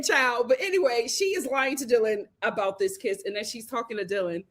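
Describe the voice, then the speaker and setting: A woman hosting a live reality show recap, talking dramatically, laughing and mimicking the cast in hushed voices. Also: fairly high pitch, fairly quick. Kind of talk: animated live recap commentary.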